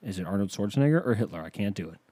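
A man's voice: on the low side, lively intonation, very fast, mellow, no room sound. Sarcastic, foul-mouthed male podcast host. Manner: irreverent, sarcastic, profane. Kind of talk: comedic podcast riffing while reading aloud.

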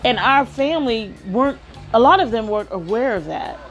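A woman's voice: on the high side, expressive, a little fast, highs cut off, soft background music. A woman hosting a podcast, giving work advice in a casual monologue, often checking in with "okay?" and "right?".

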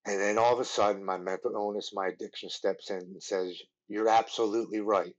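A man in his forties from Maryland, a podcast guest telling his recovery story in an earnest, halting way, often restarting his words. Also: sits low, steady tone, muffled recording. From Maryland, USA.

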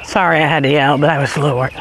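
A man chatting casually as he walks his dogs up a hilly road outdoors, a bit out of breath, now and then calling the dogs in a high sing-song voice. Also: steady tone, racing, a bit bright, slight background noise. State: out of breath from walking uphill. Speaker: podcast host. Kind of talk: casual walking vlog.

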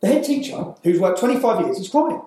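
With a high-pitched, warm voice, a man from England talks fast and very animatedly as an interview guest. His storytelling is heated and fervent, punctuated with "yeah?", and the low-quality audio carries heavy reverb.

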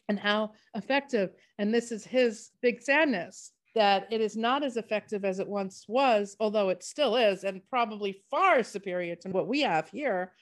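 Chatty storytelling woman podcast host. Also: mid-range voice. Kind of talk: casual chat.

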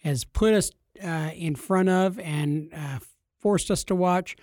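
A man's voice: high voice, slow, darkish tone, no echo, studio quality. A man co-hosting a podcast in casual chat, joking and teasing his partner. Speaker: podcast co-host.

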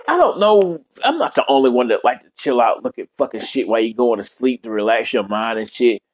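A man's voice: mid-range voice, quick pace. A man hosting a podcast, giving loose, profane, rambling commentary while reacting to a movie.

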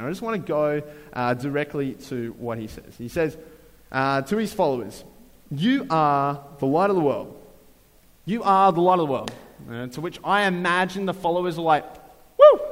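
A man preaching a casual, conversational sermon, full of fillers and joking asides. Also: on the high side. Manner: chatty, many fillers, jokey asides. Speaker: pastor. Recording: long reverb of a large hall.

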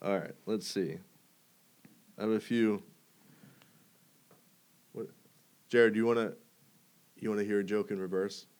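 A man's voice: lowish voice, steady tone, a little slow, pauses often, a little mellow, clear, resonant tone. A man telling jokes on a kids' church show, playful and chuckling between lines in casual banter. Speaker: joke teller on a kids' show.

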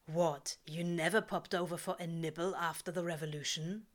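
A woman voicing a laid-back male demon in a low, dry, quietly coaxing voice. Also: fairly even intonation, normal speed, lightly acted. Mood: teasing.

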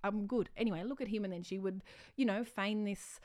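A woman's voice: mid-range voice, a little fast, a little mellow. A woman comedian chatting casually in an interview, telling self-mocking stories and laughing often. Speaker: comedian guest.

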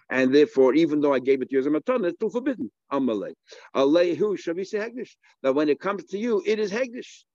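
A man teaching a Talmud page, working it through aloud with questions and many restarts, his speech full of Hebrew and Aramaic words. His voice sits at an ordinary pitch. The recording is dry and a little muffled. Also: darkish tone, no room sound. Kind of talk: Talmud lesson.

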